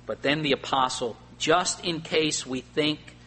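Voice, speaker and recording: A male pastor preaching a sermon, swinging between loud emphatic lines and quiet asides. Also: on the high side, a little slow. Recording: faint hum and long hall reverb.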